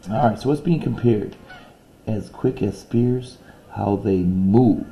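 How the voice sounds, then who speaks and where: A male teacher recording a lesson video, patiently explaining a poem step by step and reading its lines aloud slowly. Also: on the low side, dark tone.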